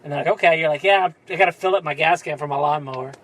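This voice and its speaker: A man's voice: fairly high pitch, very fast, a bit bright, low-quality recording. A man co-hosting a podcast, telling a rambling story in casual chat, laughing often and filling with "like" and "uh". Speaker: podcast co-host.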